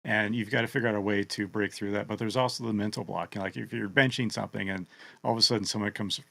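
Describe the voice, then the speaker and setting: A man with an American accent co-hosting a podcast, talking in a relaxed, joking way with many "I mean" and "you know" asides. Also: on the low side, fast talker, creaky. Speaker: podcast co-host. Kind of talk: casual podcast chat.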